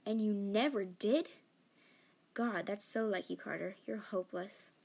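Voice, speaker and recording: A quick, sarcastic young girl who teases and dares, as a woman reading a storybook puts her on. Her tone is breathy and lightly husky. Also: medium pitch. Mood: teasing. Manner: teasing, sharp, whispering when scared.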